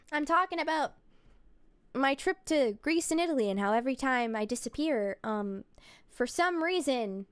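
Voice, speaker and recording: A woman's voice: high voice, expressive, moderate pace, smooth, no echo. A woman streamer in casual chat, playful and goofy, joking with silly word swaps.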